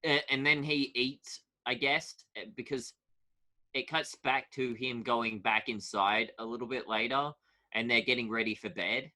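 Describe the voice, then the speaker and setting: Man, bright forceful tone, mid pitch, casual co-host, recaps scenes plainly. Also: fairly even intonation, a little slow. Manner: recaps scenes plainly, short agreeing replies. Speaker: podcast co-host. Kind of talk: casual chat, recapping an episode.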